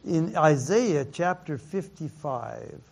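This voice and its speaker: Slow-talking pastor, halting and repetitive. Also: male voice, fairly high pitch, expressive, gravelly, darkish tone. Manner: halting, repeats words, laughs often, mixes in Mandarin phrases. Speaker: pastor teaching a Bible class. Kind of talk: sermon-style Bible teaching.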